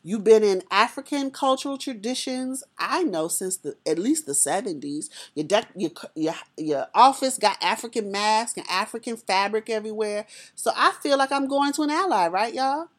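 A woman telling a personal story to an audience in a lively, conversational way, often speaking directly to her listeners. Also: fairly high pitch, normal speed, few pauses.

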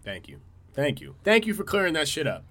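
A man co-hosting a podcast in casual chat, animated and excitable. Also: a little high, fairly quick, vocal fry, slightly rough. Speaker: podcast co-host.

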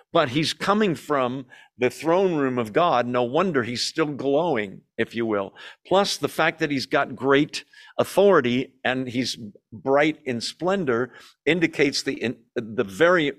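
A man's voice: mid-range voice, a bit bright. A man teaching a Bible study in a conversational way, explaining terms plainly with some fillers.

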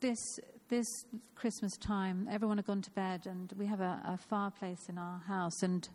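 A woman's voice: medium pitch, steady tone, moderate pace, a little mellow. A woman of fifty giving an informal, personal sermon in a church, earnest and repeating phrases for emphasis. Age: 50s. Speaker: church speaker.

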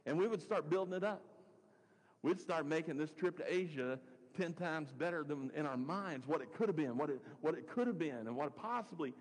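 A man's voice: a little high, a little fast, husky. A male pastor preaches a sermon and reads scripture in a conversational way, musing aloud with chuckling asides. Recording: long hall reverb.

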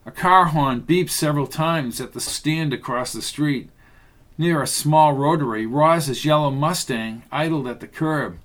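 A man reading a novel aloud as narrator, in a steady, measured way. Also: on the high side. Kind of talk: audiobook narration.

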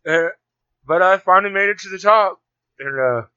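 A man telling a long story in casual conversation, rambling and animated, with many restarts. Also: high voice, moderate pace, clean tone, no room sound. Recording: dull lo-fi sound.

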